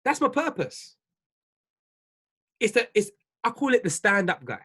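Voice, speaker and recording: Husky guy coaching on a livestream, preachy and repetitive, voice swinging up and down a lot. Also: high voice, very animated, a little slow, sharp tone. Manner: preachy, repetitive, emphatic, laughs often. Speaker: business coach. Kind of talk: livestream motivational talk.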